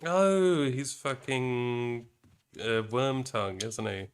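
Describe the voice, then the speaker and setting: A man's voice: mid-range voice, sing-song, slow, clear, resonant tone. A British man co-hosting a game stream, chatting in an easygoing, agreeable way. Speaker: streamer co-host. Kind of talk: casual chat.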